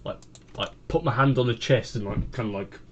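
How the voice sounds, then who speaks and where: A British gaming vlogger with a husky, medium-pitched voice tells a rambling story at a brisk clip. It's casual and full of fillers and restarts, with "I kid you not" repeated again and again.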